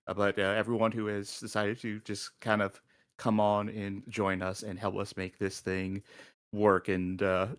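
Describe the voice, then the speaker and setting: A man's voice: fairly low pitch, completely flat delivery, unhurried, clean tone, dry recording, studio quality. A male co-host of a stream, speaking hesitantly and politely with many fillers as he adds his thanks. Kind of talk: casual stream chat.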